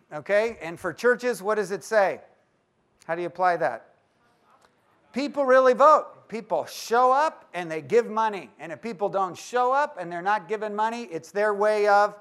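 A man with a notably high voice gives a live talk to a room of church leaders. He is lively and playful and keeps teasing his listeners as he goes. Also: clean tone. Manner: lively and joking, teases the audience. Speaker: speaker at a church leaders' conference.

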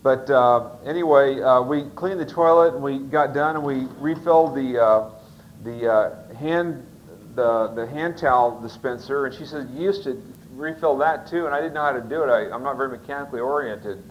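Male pastor, rambling sermon story, folksy, lots of uhs, medium pitch, faint hiss behind. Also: normal speed, muffled recording. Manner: rambling, many fillers and restarts, folksy.

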